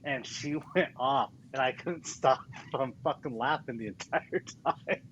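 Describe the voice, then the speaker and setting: A man spins a story in loose podcast banter, mid-pitched and foul-mouthed. He laughs through his own tale, and a light background hiss sits under the voice. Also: unhurried, dull audio. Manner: animated, laughing, swears freely. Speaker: podcast guest. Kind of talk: casual storytelling chat.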